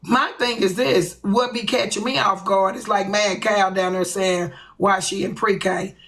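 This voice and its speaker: A woman's voice: mid-range voice, steady tone, a little slow, fairly bright tone, poor audio. A woman hosting her own livestream, ranting bluntly and with lots of profanity. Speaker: livestream host. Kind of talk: ranting live stream.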